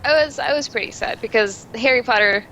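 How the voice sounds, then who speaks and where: A woman's voice: on the high side, a little fast, pushed and bright, slight background noise, poor audio. A young woman guest in a casual chat, speaking earnestly and plainly. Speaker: panel guest.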